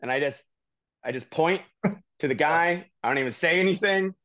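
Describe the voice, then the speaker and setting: A man co-hosting a podcast, telling a long personal story in a casual, animated way full of "like" and "you know.". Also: a little high, normal speed, dry recording. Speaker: podcast co-host.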